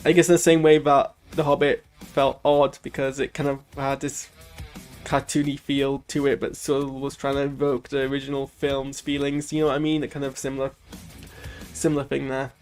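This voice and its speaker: A man's voice: mid-range voice, completely flat delivery, normal speed, darkish tone, faint music behind. A man hosting a casual post-watch reaction, rambling loosely with lots of fillers and restarts while he is ill. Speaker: channel host reviewing a show.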